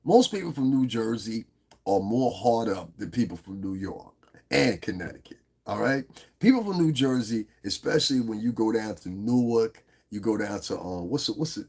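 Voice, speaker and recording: A man's voice: lowish voice, gravelly, husky. A middle-aged man hosting an unscripted livestream, talking bluntly and with a lot of swearing straight to the viewers in his chat. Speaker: livestream host. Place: lives in Las Vegas.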